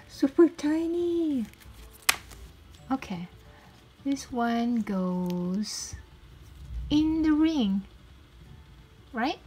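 A young woman chats through a toy unboxing at a slow, unhurried pace, giggling and cheering at each small find. Her voice sits fairly high, and loud crinkling of packaging and clicks run behind her throughout. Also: expressive, slight background noise, poor audio. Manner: chatty, giggly, cheerful exclamations. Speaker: toy unboxing channel host. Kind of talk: casual toy unboxing vlog.

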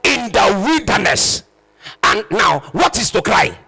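A pastor preaching a sermon with impassioned, shouted emphasis and repeated phrases. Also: male voice, sits high, very animated, a little slow, creaky, slightly rough.

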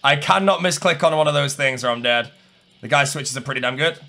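A young man giving live gameplay commentary, chatting to his viewers, calm and muttering one moment and shouting the next. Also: medium pitch, fast talker, vocal fry. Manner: chatty, talks to viewers and opponents. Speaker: gaming streamer.

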